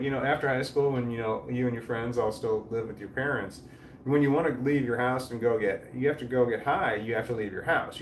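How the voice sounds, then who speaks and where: A man in his forties hosting a home livestream, chatting in a rambling way, trailing off and swearing casually as he reads viewer comments. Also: mid-range voice. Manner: meandering, trails off mid-sentence, swears casually. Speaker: livestream host reading chat. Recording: roomy, distant mic with faint background noise.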